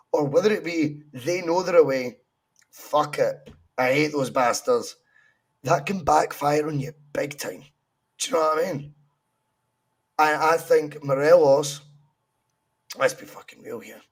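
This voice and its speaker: Scottish male podcast co-host, fairly high husky voice, sweary and animated. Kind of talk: casual football podcast chat.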